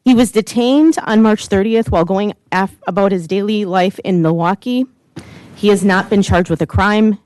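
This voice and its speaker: A woman's voice: mid-range voice, normal speed, darkish tone, poor audio. A woman, a civic group director, giving earnest, emotional public testimony at a county committee hearing.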